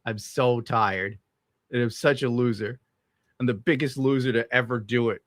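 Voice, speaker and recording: A man's voice: mid-range voice, steady tone, moderate pace, no echo, studio quality. A young adult man streaming, giving a bitter, crude, swear-heavy rant while reacting to clips. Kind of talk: casual ranting commentary.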